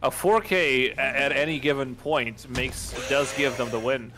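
A man's voice: mid-range voice, measured pace. A man co-casting a tournament live, explaining game mechanics and strategy in an analytical way. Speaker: esports co-caster and analyst. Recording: clear background noise on the mic.

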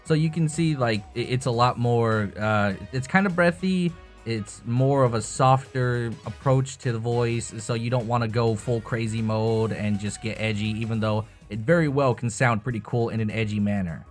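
A man's voice: medium pitch, normal speed, soft background music. A young man talking casually about voice acting with a voice changer, rambling and swearing. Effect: voice changer tests. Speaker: YouTuber. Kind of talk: casual tutorial chat.

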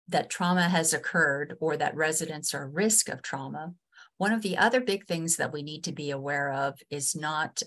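A woman trainer with a West Virginian accent giving a webinar lesson over a video call, earnest and halting, with many restarts and fillers. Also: deep voice, fairly bright tone. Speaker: state ombudsman and trainer.

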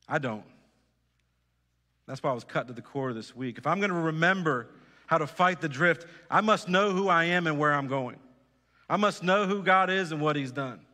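A man with a slightly high, sharp-toned voice preaches an earnest, exhorting sermon in a church sanctuary, posing direct questions to the congregation. The recording carries church hall reverb.

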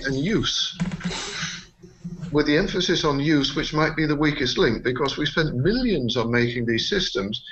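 A man's voice: mid-range voice, a bit bright, highs cut off. Man moderating a panel, hesitant. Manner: hesitant, repeats words while searching for phrasing.

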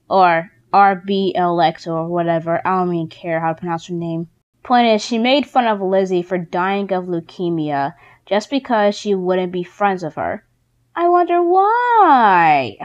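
A young woman YouTuber ranting indignantly in a casual vlog, quick and exasperated. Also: mid-range voice, a little mellow, muffled recording.

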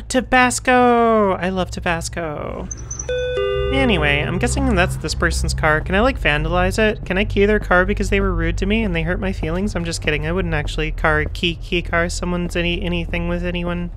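A woman's voice: lowish voice, brisk, hardly any pauses, a little hiss or hum. A woman casually commenting while she plays a video game, goofy and chatty, joking with the characters. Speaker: game streamer. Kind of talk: let's play commentary.

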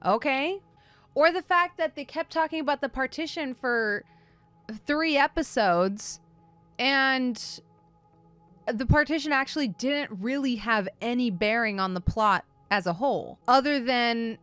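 A woman's voice: high voice, a little slow, a bit bright, clean tone, soft background music. Blunt, sarcastic woman ranting. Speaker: streamer and comic book show host. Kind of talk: casual opinionated review.

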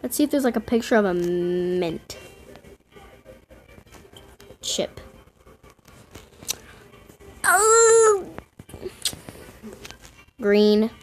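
Excitable girl doing game commentary, real slow drawn-out talking, squeals a lot. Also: medium pitch, soft background music. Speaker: gaming video host. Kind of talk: casual game commentary to viewers.

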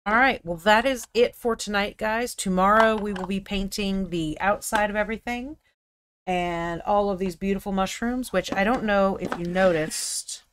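A woman's voice: medium pitch, moderate pace, a little hiss or hum. An American woman hosting a live miniature painting stream, chatting casually and thinking aloud as she works.

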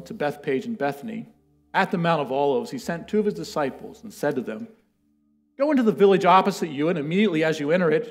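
High gravelly guy preaching a sermon, reads scripture, goes big then drops to a whisper. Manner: dramatic, swinging from loud to hushed.

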